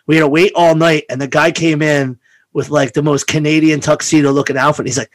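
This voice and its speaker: A man tells a rowdy story in a relaxed podcast chat, swearing freely and slipping into the voices of the people he quotes. His voice sits a little high and sounds close and dry on the mic, with almost no room around it. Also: a little fast, no room sound. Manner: animated, profane, acts out quoted voices.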